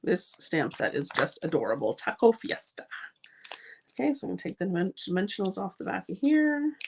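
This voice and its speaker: A woman talks viewers through a stamping and card-making project live, at an ordinary pitch. She is chatty and gushes over each step, with plenty of ums along the way. A faint hiss sits under her voice. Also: big pitch swings, a little fast, vocal fry. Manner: chatty, gushing, frequent ums. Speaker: card-making channel host. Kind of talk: live crafting demonstration.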